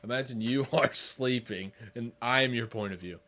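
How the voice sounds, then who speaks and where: A man's voice: medium pitch, moderate pace. A young man co-hosting a podcast, telling a story in casual chat and laughing through it. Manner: animated, laughs through his story and acts out voices. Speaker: podcast co-host.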